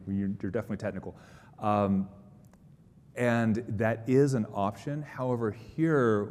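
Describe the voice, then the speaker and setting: A man presenting at a conference, answering audience questions in an upbeat, explanatory, conversational way. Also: darkish tone. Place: conference hall. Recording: long hall reverb, faint rumble.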